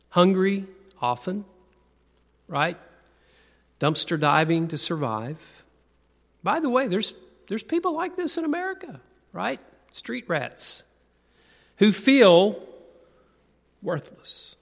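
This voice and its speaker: Man preaching in a reverberant hall. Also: on the high side. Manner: asks the audience questions, then slows on key words. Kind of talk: conversational sermon. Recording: long reverb of a large hall.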